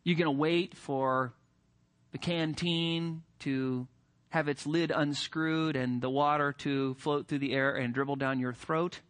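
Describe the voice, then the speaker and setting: A male preacher giving a sermon with animated emphasis and rhetorical questions. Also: a little high, measured pace.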